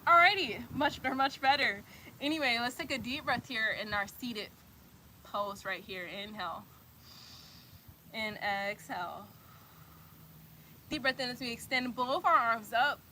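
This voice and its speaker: A woman's voice: a little high, measured pace, long pauses, pushed and bright, a little hiss or hum. A woman guiding a yoga class, cueing breaths and poses while doing them herself, a little out of breath, encouraging and casual. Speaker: yoga instructor.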